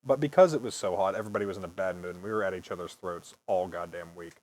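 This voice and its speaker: A man's voice: deep voice, fast, darkish tone, no room sound. A man in his early twenties, host of a casual podcast, telling rambling stories, swearing freely and laughing often. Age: early 20s. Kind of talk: casual storytelling chat.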